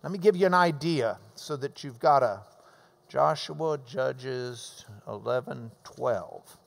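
A man preaching a sermon, teaching slowly and emphatically and repeating his phrases for weight. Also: medium pitch, creaky, big-room sound.

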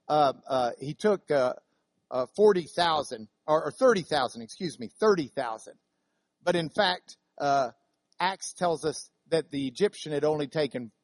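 A woman's voice: low-pitched, animated, measured pace, a little mellow, no echo. A woman teaching a Bible class in a classroom, chatty and digressive, with many fillers and restarts. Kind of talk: classroom lecture.

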